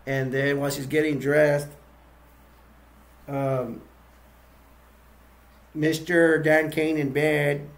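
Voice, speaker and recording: A man's voice: fairly high pitch, flat delivery, takes it slowly, long pauses. A man casually recapping a film's scenes, rambling and repeating himself as he acts bits out. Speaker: movie reviewer.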